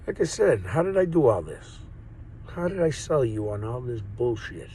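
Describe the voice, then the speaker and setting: Talking into his phone or camera mic, a male vlogger delivers a rambling, profane, joking monologue that keeps drifting off topic. His medium-pitched voice is sing-song and dark in tone, at a moderate pace, on a low-quality recording with slight background noise.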